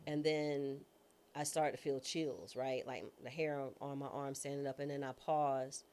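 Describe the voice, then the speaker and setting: Woman, low voice, interview guest, casual storytelling, acts out quoted voices. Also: steady tone, a little slow, darkish tone, slight background noise. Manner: casual, informal speech. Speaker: guest, former judge and trial attorney.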